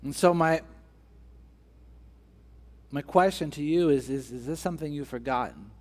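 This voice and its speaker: A somewhat high-voiced man delivers a sermon from the pulpit. He presses his point through repeated rhetorical questions, letting his emphasis build as he goes. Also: normal speed. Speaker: pastor.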